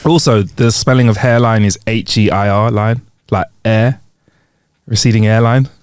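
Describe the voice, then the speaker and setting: A man's voice: lowish voice, moderate pace, clean tone, dry recording. A man co-hosting a comedy podcast, telling jokes aloud and laughing often. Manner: animated, laughs a lot, acts out characters in jokes. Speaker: podcast co-host. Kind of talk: joke-telling podcast chat.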